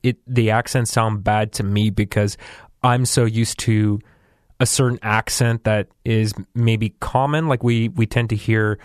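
A man's voice: lowish voice, steady tone, unhurried, smooth, no room sound, clean studio sound. A man co-hosting a podcast in casual chat, recapping a cartoon episode and thinking aloud with hedges. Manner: easygoing, hedging, thinks aloud. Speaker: podcast co-host.

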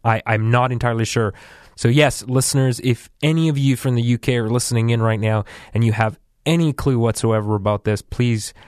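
Guy cohosting a podcast, easygoing, kinda hedgy, thinking out loud, dry mic. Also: mid-range voice, fairly even intonation, a little fast, no echo. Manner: easygoing, hedging, thinks aloud. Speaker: podcast co-host. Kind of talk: casual chat and episode recap.

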